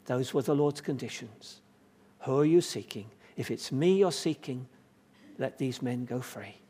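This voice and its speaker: A man preaching a sermon, swinging from hushed, slow passages to fervent, emphatic repetition. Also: medium pitch, husky.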